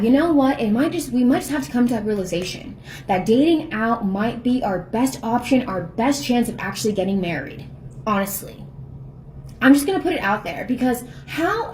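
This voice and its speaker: A woman's voice: on the high side, darkish tone, slight background noise, poor audio. A woman talking in a casual vlog monologue, chatty and earnest, rambling a little.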